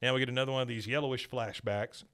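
A man hosting a podcast, casually retelling a cartoon episode scene by scene and dropping into quick voices for the characters. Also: mid-range voice, steady tone, a bit bright, smooth. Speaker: podcast host recapping episodes. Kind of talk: casual recap chat.

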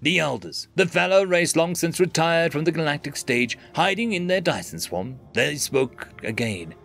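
A man's voice: a little high, animated, normal speed, vocal fry, few pauses, fairly bright tone, soft background music. A man narrating a scripted science fiction story in a dramatic, dry manner.

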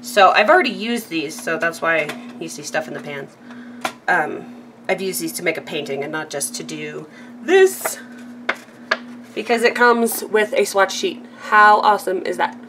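A woman's voice: lowish voice, animated, unhurried, background noise. A woman from California chatting casually through a craft supply haul, rambling with frequent ums and self-corrections and laughing at her own asides. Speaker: craft vlogger.

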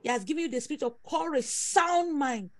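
A woman's voice: high voice, animated, brisk, no room sound. A woman delivering prophecies in an emphatic, repetitive preaching style with dramatic exclamations. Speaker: prophetess leading prayer. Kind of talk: prophetic sermon over prayer call.

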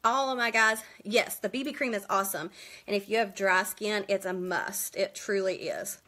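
Woman, bright clear voice, bubbly and chatty, live makeup tutorial, at home. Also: mid-range voice, steady tone. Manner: bubbly, quick, greets viewers by name and laughs often. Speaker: makeup seller hosting a live video. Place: at home indoors.

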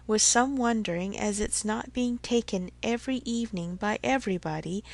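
A woman narrating a classic novel as an audiobook, measured and even. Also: mid-range voice.

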